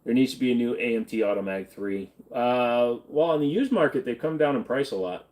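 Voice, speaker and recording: A man's voice: medium pitch, expressive, fairly quick, a little mellow. A man hosting a casual live-stream Q&A, reading chat questions and answering bluntly in an offhand drawl, tired and in pain. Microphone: desk mic, sitting farther back than usual.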